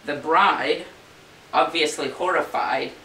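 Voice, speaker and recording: A man's voice: on the high side, slow, sharp tone. A man who makes balloon animals, telling his favorite jokes to the camera in a chatty, folksy way. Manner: folksy, chatty, slips into funny voices for characters. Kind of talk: casual joke telling to camera. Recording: roomy echo, far from mic, faint hiss.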